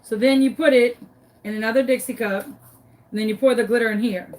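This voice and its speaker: A woman telling a comic story in a craft tutorial, animated, dramatic and self-mocking. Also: fairly high pitch, fairly quick. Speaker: crafting vlogger.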